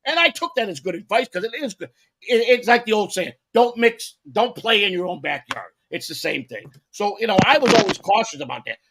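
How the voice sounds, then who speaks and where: 50s guy on a podcast, raspy husky voice, kinda high, rambles and swears a lot. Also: very animated, fairly quick, a bit bright. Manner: profane rambling storyteller, many restarts. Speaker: podcast co-host. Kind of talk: casual chat.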